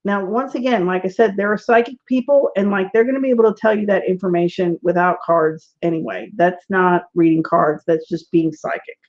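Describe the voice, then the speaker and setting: A woman's voice: lowish voice, steady tone, a little fast, hardly any pauses, a little mellow. A woman teaching a casual online tarot class, talking in a rambling, chatty way with lots of "like"s and frequent laughs. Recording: dull lo-fi webinar audio.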